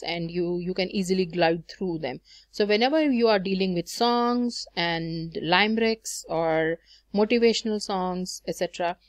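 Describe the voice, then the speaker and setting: A woman's voice: on the low side, dry recording. A woman teaching a lesson on poetic meter, explaining patiently with frequent fillers and self-corrections. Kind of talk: recorded lecture on poetry.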